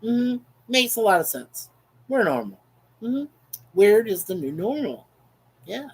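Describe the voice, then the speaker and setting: A man hosting a relaxed livestream from home. He reads viewer comments aloud and answers them in a chatty, playful way. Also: sits high, a little slow, husky. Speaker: livestream host. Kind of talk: casual live chat. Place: home in Canada.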